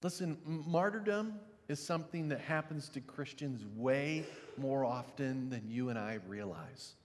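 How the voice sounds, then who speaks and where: Delivering a sermon in a large hall, a male pastor speaks a little slowly. He shifts between hushed, low reflection and loud, emphatic preaching.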